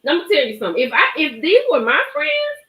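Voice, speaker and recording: A woman's voice: sits high, a little fast. A woman hosting a live stream, chatting emphatically and gossiping about a reality show. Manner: animated, emphatic, chatty, greets viewers. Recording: roomy echo.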